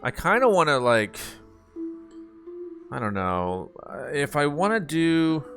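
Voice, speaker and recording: A man's voice: fairly high pitch, very animated, slow pace, a bit bright, faint music behind. A man hosting casual gameplay commentary, chatty and upbeat, thinking aloud as he plays. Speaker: gaming channel host.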